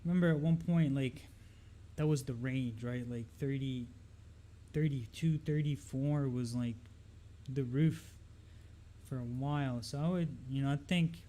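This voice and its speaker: A young man from Lebanon talks loosely over trading charts on a live stream, pitched a touch above most men. He drifts and repeats himself, filling pauses with ums and asides. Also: mellow. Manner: loose, rambling, lots of fillers and repeats. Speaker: market analysis streamer.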